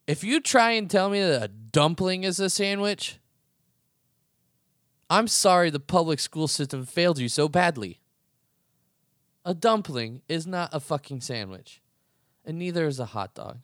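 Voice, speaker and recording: A man's voice: a little high, fairly bright tone, no room sound. Young male podcast host, casual rant, swears freely, emphatic and heated, dry close sound. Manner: heated, profane, emphatic arguing. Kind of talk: casual ranting monologue.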